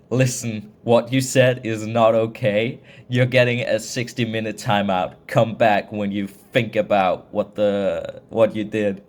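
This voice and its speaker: A young Danish man speaks English with a mixed British-Australian accent, his voice sitting a little low. He talks at an unhurried, slow pace, rambling and restarting his sentences as he chats to camera. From Denmark. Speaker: vlogger. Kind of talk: casual monologue to camera.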